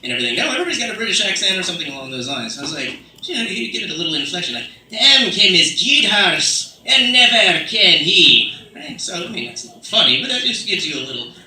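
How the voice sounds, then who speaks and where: Rambling man, bright voice, roomy far mic. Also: fairly high pitch, sing-song, rapid-fire, few pauses, a little hiss or hum. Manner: rambling, many fillers, slips into put-on British accents. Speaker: comedian. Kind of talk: stand-up comedy set. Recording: roomy sound from a distant mic, faint ambience.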